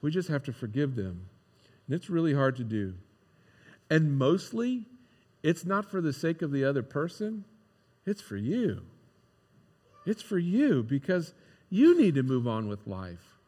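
A man's voice: on the high side, measured pace, long pauses, slightly rough. Man preaching a conversational sermon in a reverberant hall. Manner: conversational, animated, acts out quoted voices. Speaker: pastor.

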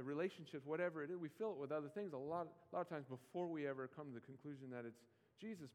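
A man preaching a sermon as pastor, in a conversational style with playful mock pleading asides. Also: medium pitch. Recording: long hall reverb.

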